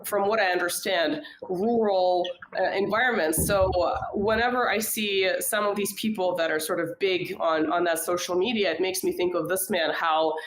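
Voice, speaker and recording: A woman talks in a relaxed, conversational way, thinking aloud and hedging often. Her voice sits a little low. The room around her is noticeably echoey. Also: normal speed. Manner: thoughtful, hedging, frequent fillers. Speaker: podcast guest. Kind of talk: casual conversation.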